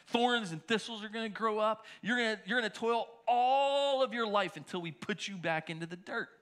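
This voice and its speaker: A middle-aged man preaching a sermon as pastor, telling stories with animated bursts and frequent restarts. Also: high-pitched, moderate pace. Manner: storytelling, animated, shouting quoted lines.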